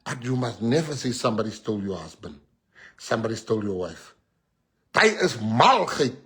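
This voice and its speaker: Husky South African man giving an impassioned speech. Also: mid-range voice, moderate pace. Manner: animated, switches between shouting and hushed storytelling. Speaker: political party leader addressing supporters. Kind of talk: impassioned rally speech with personal storytelling.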